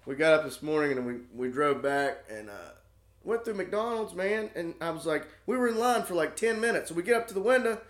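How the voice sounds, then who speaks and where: A man telling profane, animated stories on a podcast and acting out what other people said. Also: high-pitched, fairly quick, reverberant. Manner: profane, animated storyteller who acts out other people's lines. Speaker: podcast co-host. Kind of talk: casual storytelling chat.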